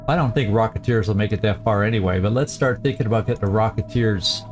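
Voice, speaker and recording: A man's voice: mid-range voice, darkish tone. Man musing through strategy game tactics. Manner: thinking aloud, tactical, self-correcting. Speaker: gaming channel host.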